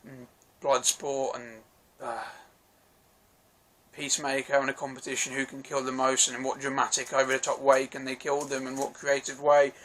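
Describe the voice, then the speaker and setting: A man's voice: medium pitch, level tone, normal speed, a bit bright, slight background noise. A man giving a casual, rambling film review, swearing freely and restarting his sentences.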